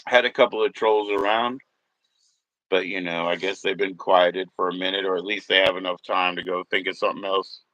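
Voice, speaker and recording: A man's voice: deep voice, steady tone, a little fast, pushed and bright, no echo, dull audio. A man hosting a casual livestream from home, rambling, swearing and mocking trolls in chat. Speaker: livestream host.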